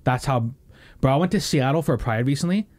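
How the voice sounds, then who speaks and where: Animated, profane young man host. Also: medium pitch, a little fast. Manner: animated, profane, rambling with many fillers. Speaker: podcast host. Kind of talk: casual podcast chat.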